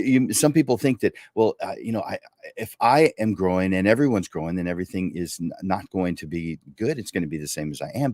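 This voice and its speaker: Male livestream host, deep voice, earnest coaching tone, dry sound. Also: darkish tone, no room sound. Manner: earnest, coaching, many restarts. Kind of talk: livestream talk to viewers.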